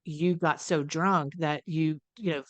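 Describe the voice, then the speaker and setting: Woman, low-pitched voice, blunt recovery coach, casual talk from home, swears, emphatic. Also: fairly even intonation, unhurried. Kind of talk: casual direct-to-camera talk.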